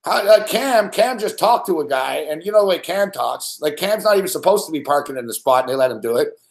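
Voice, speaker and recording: A man's voice: on the high side, lively intonation, a little fast, gravelly. Profane ranting man, echoey room. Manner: profane, rambling storytelling. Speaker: host of a sports betting show. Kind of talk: casual late-night rant to a live chat.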